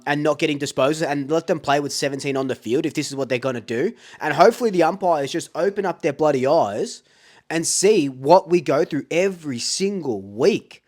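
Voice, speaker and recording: A man's voice: on the high side, a little mellow. An Australian man hosting a fan talkback show, ranting in a fired-up way and often repeating himself. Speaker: fan talkback radio host.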